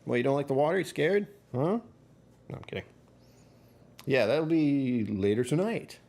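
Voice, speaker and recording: A man's voice: mid-range voice, sing-song, normal speed, creaky, darkish tone. A middle-aged man streaming live, rambling through casual chat with his viewers and chuckling often. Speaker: livestreamer.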